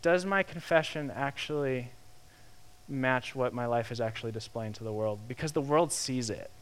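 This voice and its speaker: A young man preaching a sermon in a lively, conversational way, acting out the quotes he tells. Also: mid-range voice, normal speed, smooth. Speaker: pastor.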